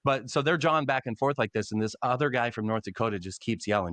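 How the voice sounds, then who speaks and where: A middle-aged man, a longtime public address announcer, telling animated stories in a casual podcast interview. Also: fairly low pitch, fast, few pauses, no echo. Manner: animated storyteller, acts out quotes.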